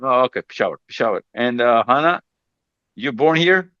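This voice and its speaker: A man chats casually with a group of teenagers, teasing them and then reassuring them with repeated phrases. His voice sits at a middle pitch. The sound is dry and a little dull, as if it comes over a video call. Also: lively intonation, moderate pace, bright, forceful tone, smooth, no echo. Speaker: mentor hosting a session with teenagers.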